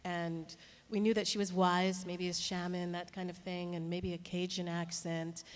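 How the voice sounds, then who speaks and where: A woman guest on a voice actor panel, telling stories in an animated way with frequent laughs. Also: lowish voice, moderate pace. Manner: warm, laughing, animated storytelling. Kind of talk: panel talk. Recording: reverberant convention hall.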